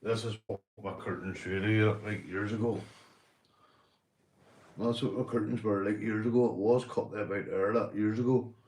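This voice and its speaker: A man's voice: on the low side, steady tone, normal speed, darkish tone, slight background noise. A Northern Irish man chatting casually on a live stream, slangy and swearing freely, calling everyone mate. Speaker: livestreamer. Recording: roomy echo.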